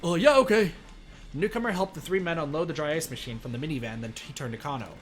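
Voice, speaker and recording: A man streaming a visual novel, reading its text aloud in an animated way and shouting excited reactions between lines. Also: fairly high pitch, very fast, faint music behind.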